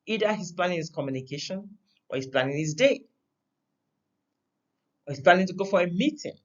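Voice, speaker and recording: A woman's fairly quick, lively lesson on communication comes through with lo-fi sound. Her emphatic style stresses words by abruptly varying pitch and volume.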